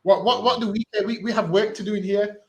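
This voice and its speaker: A man street preaching forcefully, repeating himself and ending phrases with "man". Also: high voice, steady tone, fast talker, echoey room.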